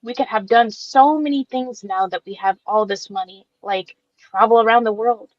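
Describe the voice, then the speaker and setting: A woman voicing a gentle, tearful young woman with cancer in an amateur radio drama, speaking softly and with feeling. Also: on the high side, no room sound, lightly acted. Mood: sad. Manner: soft, emotional, slow-spoken. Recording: dull dry lo-fi recording.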